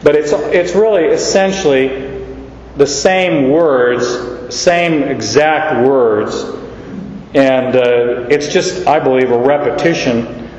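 Slow, deliberate male preacher in echoey hall. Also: medium pitch, a little mellow, a little hiss or hum. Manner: slow, deliberate teaching with emphatic repeated quotes. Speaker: pastor. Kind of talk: expository sermon. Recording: echoey hall, dull lo-fi sound.

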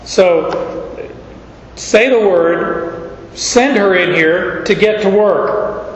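A man's voice: high voice, extremely slow. A man preaching a sermon, explaining scripture in a folksy way with stories from his own life. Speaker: pastor. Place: large church hall. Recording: echoey dull church hall recording.

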